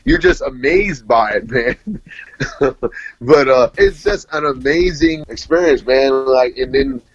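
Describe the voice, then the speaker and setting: A laid-back man in his thirties tells personal stories in a relaxed, conversational way, closing almost every sentence with "man". His voice sits in a middle register. The recording is dull and lo-fi. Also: mid-range voice, takes it slowly, husky. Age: 30s. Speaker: interview guest. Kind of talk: casual interview storytelling.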